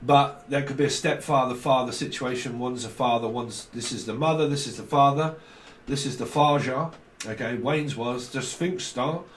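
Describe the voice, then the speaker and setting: A man's voice: mid-range voice, moderate pace, a little hiss or hum. A man giving a casual, rambling tarot reading full of jokes. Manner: rambling, joking, laughs often. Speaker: tarot reader. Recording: roomy, distant mic.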